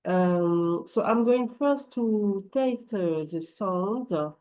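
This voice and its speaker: Woman, French accent, slow, many ums and restarts, computer mic, online presentation. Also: mid-range voice, lively intonation, dark tone, poor audio. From France. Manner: hesitant, many fillers and restarts. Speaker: translation company presenter. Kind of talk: live online conference talk. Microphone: computer microphone.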